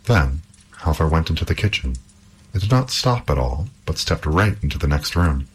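A man reading a fairy tale aloud in an expressive, measured storytelling manner. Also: extremely low pitch, breathy edge.

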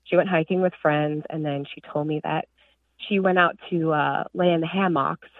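A young woman from northern Illinois calls in to a radio show and tells her story in a chatty, animated way. She comes through a tinny phone line and sounds set back from the mic. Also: low voice, moderate pace, no room sound, recorded from a distance. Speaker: caller. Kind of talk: phone-in call.

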